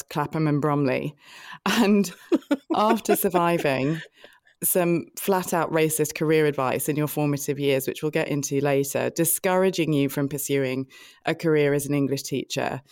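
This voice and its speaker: A low-pitched woman hosts a podcast, pouring out praise for her guest in an effusive, laugh-filled way. The sound is dry and close, with no room around her voice. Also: darkish tone, no room sound. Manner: effusive, laughing, tearful at times. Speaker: podcast host. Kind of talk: gushing interview introduction.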